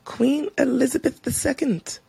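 Mock British newsreader voice, gravelly, dry, a woman doing it as a joke on a podcast. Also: sits high, fairly even intonation, moderate pace, warm tone, no room sound, pitched above the performer's own voice, exaggerated voice, poor audio. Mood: mock-formal. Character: woman announcing royal news in mock British accent.

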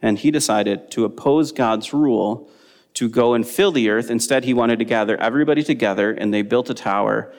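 Man, Bible study teacher, gravelly, explanatory, reverberant hall. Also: medium pitch, fairly quick, darkish tone. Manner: explanatory, with frequent ums.

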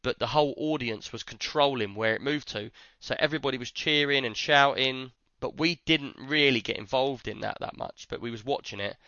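A man's voice: mid-range voice, a little fast, few pauses, dry recording, highs cut off. A man, chatting casually on a podcast and acting out the lines of people in his stories. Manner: animated storyteller, acts out others' lines. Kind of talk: casual chat.

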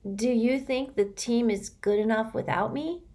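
A woman's voice: fairly high pitch, unhurried, fairly bright tone, pitched above the performer's own voice. A woman voicing a shy, anxious young boy who speaks hesitantly. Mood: timid. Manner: hesitant, muffled.

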